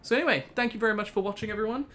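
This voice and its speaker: Talking very fast in a high-pitched, pushed, bright voice, a young British gaming channel host rambles through a story with laughs during a casual let's play video.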